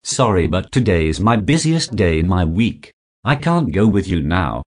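A man reading simple scripted practice dialogues in a slow, even textbook delivery. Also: low voice. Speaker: dialogue reader for English practice.

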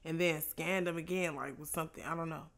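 A woman vlogger telling a casual story while eating, loose and profane, with animated reenacted exchanges. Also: low voice, fast talker, creaky.

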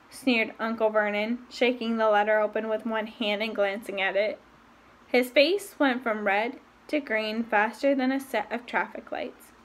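A woman casually reading a novel aloud, breaking off for her own asides and lifting her voice for the characters' lines. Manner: reads quickly with asides, raising pitch for quoted voices. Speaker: reader.

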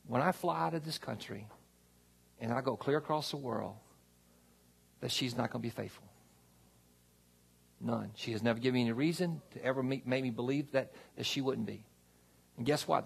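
Man, pastor, sermon, gravelly husky voice, animated pitch, church sanctuary, asks congregation for amens. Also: moderate pace, long pauses. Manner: conversational preaching with call-and-response asides.

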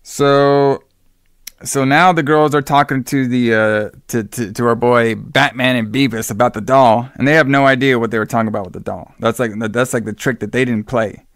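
A man's voice: medium pitch, steady tone, moderate pace, dry recording, clean studio sound. A man hosting a podcast alone, recapping a film in a loose, profane way with lots of fillers. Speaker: podcast host. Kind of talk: casual movie recap.

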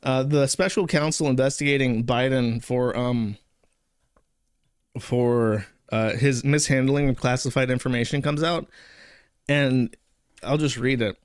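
A man's voice: medium pitch, fairly even intonation, measured pace, clear, resonant tone, dry recording, clean studio sound. A man giving casual, sarcastic commentary, rambling and crude. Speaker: streamer commentator.

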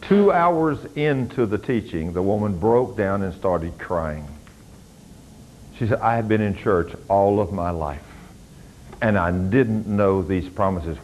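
An older man, preaching a sermon as a pastor and rising to loud, fervent commands. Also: lowish voice, takes it slowly, poor audio.

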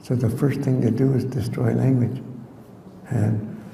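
An older man from Canada, a community elder, giving an unhurried, reflective talk with frequent restarts, recorded in a lecture hall. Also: medium pitch, little pitch movement, creaky, mellow, slight background noise.

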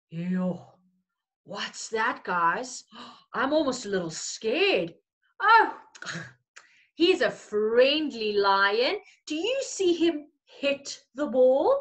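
A woman's voice: fairly high pitch, big pitch swings, drawn-out words, fairly bright tone. A woman teacher, reading a picture story to young children in a playful, coaxing way.

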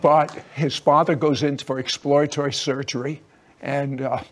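A man's voice: on the high side, level tone, moderate pace, a little hiss or hum. A man hosting a Christian TV interview, prompting his guest and speaking to viewers. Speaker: TV host.

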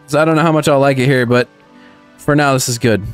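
A man commenting excitedly on a cozy video game, talking sweetly to the characters. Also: medium pitch, quick pace, smooth, faint music behind. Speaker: gaming channel host. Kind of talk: let's play commentary.

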